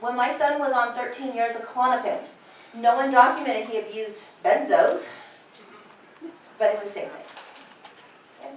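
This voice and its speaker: A woman's voice: fairly high pitch, moderate pace, pauses often, a little hiss or hum. A middle-aged woman, a nurse, lecturing nurses in an impassioned, personal way. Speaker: nurse educator. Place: large lecture hall. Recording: very echoey hall, from far off.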